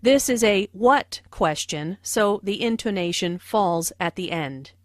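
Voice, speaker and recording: A woman reads clear language notes for learners in a slow, careful voice. Her pitch rises and falls a lot and sits a little high. The sound is close and dry. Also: lively intonation, no room sound. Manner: slow, clear teaching delivery. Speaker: English teacher. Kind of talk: scripted dialogue and language notes.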